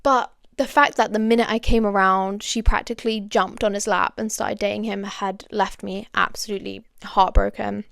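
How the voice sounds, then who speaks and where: A young woman hosting a podcast tells a personal story in a confiding, chatty way, full of fillers and asides to her listeners. Her mid-range voice is smooth yet gravelly with vocal fry and a fairly bright tone, delivered flatly at a moderate pace with hardly any pauses. She's recorded close and dry on the mic, with no echo.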